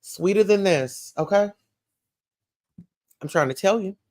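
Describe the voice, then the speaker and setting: Sassy Southern woman, livestream gossip host reading comments, animated and chatty. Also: mid-range voice, a little slow. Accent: Southern US, Atlanta. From Atlanta, USA. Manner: sassy, animated, calls listeners child and baby.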